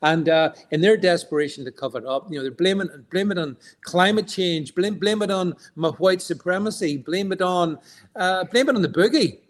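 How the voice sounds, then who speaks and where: A man's voice: high-pitched, fairly quick. A man co-hosting an online stream, talking emphatically with many stammered restarts. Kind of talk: casual political chat.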